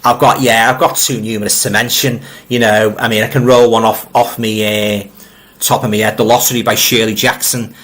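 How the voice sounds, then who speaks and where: Speaking a little fast with little pitch movement, this man has a low-leaning, fairly bright voice. He's middle-aged with a Liverpool accent, hosting a casual live stream where he reads comments, rambles, and restarts by repeating words. His manner is friendly, and he addresses viewers directly.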